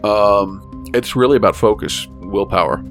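A man running a tabletop game as game master, calm and matter-of-fact. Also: fairly low pitch, normal speed, faint music behind.

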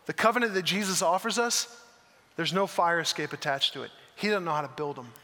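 A man's voice: on the high side, brisk, bright, forceful tone. A man preaching a sermon as pastor, earnest and emphatic, with a microphone in a church hall. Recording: long reverb of a large hall.

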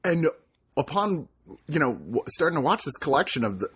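A man hosting a podcast in casual chat, talking in an animated, rambling way with restarts and swearing. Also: a little high, moderate pace, slight background noise. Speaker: podcast host.

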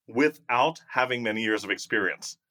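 A man's voice: mid-range voice, measured pace, bright, forceful tone. A man hosting an interview, asking rambling questions and laughing now and then. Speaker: podcast host.

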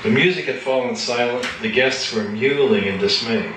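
Brief: author reading his novel live, plain mid-pitched man's voice, echoey room heard from afar, faint noise. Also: normal speed, recorded from a distance. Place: live reading at an evening gathering.

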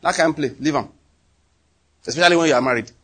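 Husky Nigerian man preaching. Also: on the high side, fast. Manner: animated, emphatic, slips into acted quotes. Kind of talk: sermon.

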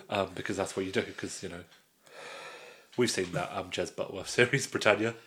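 A man's voice: low voice, normal speed, a bit bright. A man from Wales co-hosting a casual podcast, talking hesitantly with lots of ums and likes and laughing easily. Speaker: podcast co-host.

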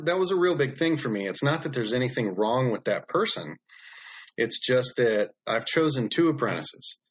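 A man with a low, somewhat husky voice tells stories as a podcast guest, blunt and animated, full of "like" and "uh." The audio is dull and lo-fi, as on a home podcast setup. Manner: blunt, animated storyteller with many fillers. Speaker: knife maker guest. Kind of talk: casual podcast storytelling.

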